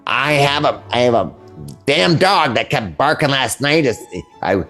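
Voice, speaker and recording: A man voicing a cranky, eccentric middle-aged man who shouts at his dog. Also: medium pitch, lively intonation, unhurried, faint music behind, pitched above the performer's own voice. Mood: grumbling.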